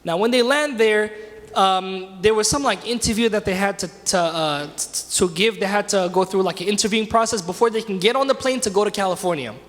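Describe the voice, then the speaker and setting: In a mosque hall with reverberant acoustics, a man with a high-pitched, slightly bright voice teaches a religious class at a fairly quick pace. He tells a story and asks his students questions conversationally.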